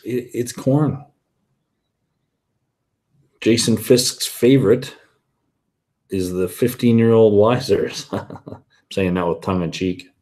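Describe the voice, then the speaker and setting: Unhurried man with a lowish voice, casual whisky vlogger who rambles and corrects himself. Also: dark tone. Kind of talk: casual chat reading viewer comments.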